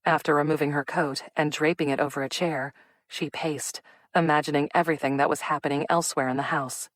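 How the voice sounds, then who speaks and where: A woman narrating a cozy mystery audiobook in a smooth, even reading. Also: deep voice, a little fast, dry recording. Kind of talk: scripted narration.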